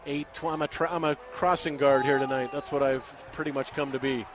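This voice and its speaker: A middle-aged man calling a high school football game live for radio from a packed outdoor stadium, building to shouts on big plays. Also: fairly even intonation, brisk. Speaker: radio play-by-play announcer. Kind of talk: live sports play-by-play commentary.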